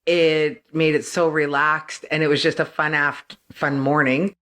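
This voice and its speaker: A woman's voice: low voice, little pitch movement, measured pace, a bit bright. A woman who is a guest on a photographer's interview show, talking about her shoot in an enthusiastic, affirming and giggly way. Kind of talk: relaxed conversational interview.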